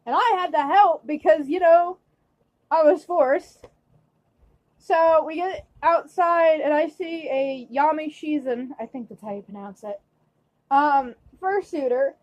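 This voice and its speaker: A young woman vlogs an upset, emotional rant full of swearing, sounding apologetic and shaky as she tells her story. Her voice is high-pitched, slow, and slightly mellow, with no room sound.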